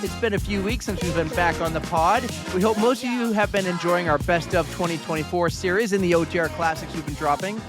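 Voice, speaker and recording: A man's voice: high-pitched, brisk, hardly any pauses, loud music behind the voice. A middle-aged man hosting a podcast in a casual, upbeat, chatty way, now and then swearing offhand. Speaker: podcast host. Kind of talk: casual chat.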